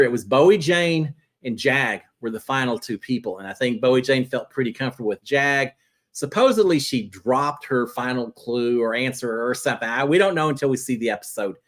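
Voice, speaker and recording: Male host, live fan-chat show, conversational, pitch jumps around a lot, middle register. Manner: chatty and animated, jumping between topics. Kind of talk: casual live chat answering viewer questions.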